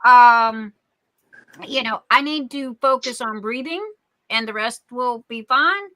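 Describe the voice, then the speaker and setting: A woman's voice: fairly high pitch, slow pace, bright, forceful tone, poor audio. A woman in casual chat telling a personal story, blunt and salty, rambling with many fillers and restarts.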